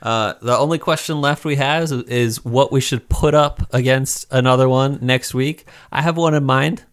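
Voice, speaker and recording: A man's voice: medium pitch, steady tone, moderate pace, clean tone. A man co-hosting a podcast in casual chat, easygoing and hesitant, with many ums. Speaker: podcast co-host.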